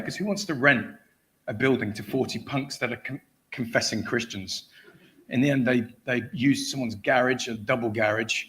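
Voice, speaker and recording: A man preaching at a church, telling a story with acted-out voices and frequent laughter. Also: mid-range voice. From England. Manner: animated storyteller, acts out shouted voices, laughs often. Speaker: guest preacher. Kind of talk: sermon storytelling.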